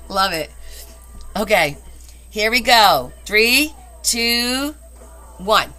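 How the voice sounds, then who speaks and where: A cheerful woman hosts a live online auction, announcing bids and laughing between them. Her voice is crisp and bright, and she talks in a chatty, friendly way, recorded on a phone. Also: medium pitch, animated, very slow, pauses often, soft background music. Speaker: host selling scrapbooks in a live auction.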